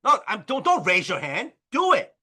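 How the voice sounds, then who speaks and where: A man teaching a high school chemistry class and telling stories, with an animated delivery that keeps asking the students "right?". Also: normal speed. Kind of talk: classroom lecture with storytelling.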